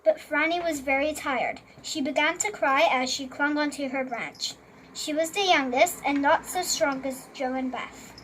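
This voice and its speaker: A young reader reading a children's storybook aloud at home, careful and halting, sometimes correcting herself. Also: female voice, sits high, fairly bright tone, slight background noise, rough recording.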